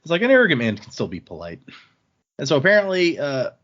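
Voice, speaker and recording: A man casually recapping book chapters on a podcast, relaxed and chatty, quoting characters as he goes. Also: fairly high pitch, quick pace. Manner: relaxed, chatty retelling with small restarts. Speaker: podcast host. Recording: slightly dull lo-fi mic audio.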